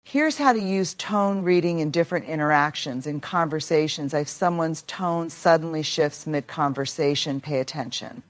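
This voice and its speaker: Woman narrator with a low voice, measured delivery that leans on key words, scripted motivational talk.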